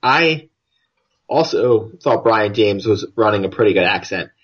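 A man's voice: fairly low pitch, expressive, measured pace, a bit bright, husky, lo-fi sound. An American man co-hosting a podcast, chatting casually and jokily about a film. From United States. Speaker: podcast co-host.

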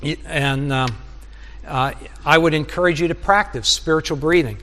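A man's voice: a little high, moderate pace, pushed and bright, long reverb tail. A middle-aged male preacher giving an earnest sermon, often acting out his own prayers and conversations with God. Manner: earnest, acts out dialogues with God.

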